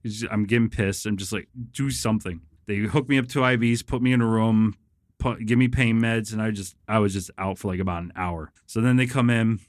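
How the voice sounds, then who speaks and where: A man's voice: fairly low pitch, steady tone, a little fast, no echo, clean studio sound. A man telling a story casually, swearing a lot and laughing as he acts out the people in it. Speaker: guest.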